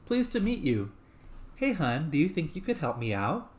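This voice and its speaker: A man voicing a grieving man who mimics his dead fiancée in a sweet, high, affectionate voice, reading from a game script. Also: wildly swooping pitch, normal speed, a little mellow.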